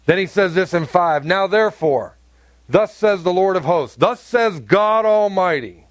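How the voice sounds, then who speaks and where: A man's voice: high-pitched, expressive, measured pace, no room sound. A male pastor preaching an emphatic sermon, acting out voices in his examples. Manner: emphatic preaching with acted-out dialogue.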